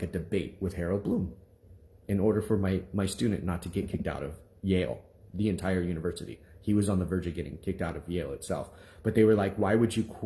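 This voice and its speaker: Young minister, low voice, lively storyteller who acts out the people he quotes. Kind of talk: testimony to viewers.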